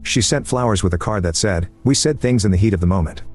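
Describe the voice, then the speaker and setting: A man reading a first-person story aloud in an even, measured scripted narration. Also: fairly low pitch. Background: faint background music.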